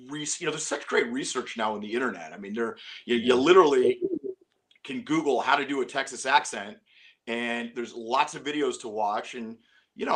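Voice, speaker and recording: A middle-aged man, an actor, talking casually in an interview, animated and full of restarts. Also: medium pitch. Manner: animated storytelling with frequent restarts. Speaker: actor guest.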